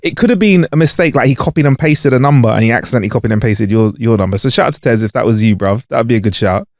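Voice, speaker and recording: A young man co-hosting a podcast, chatting playfully, teasing and stumbling over repeated words when excited. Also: medium pitch, racing, dry recording, clean studio sound. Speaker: podcast co-host. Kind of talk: casual chat.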